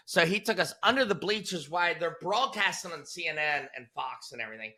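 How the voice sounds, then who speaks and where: Bright, forceful man telling a punchy story. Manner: animated, punchy storyteller who drops "boom" for emphasis. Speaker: guest. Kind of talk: casual storytelling in an interview.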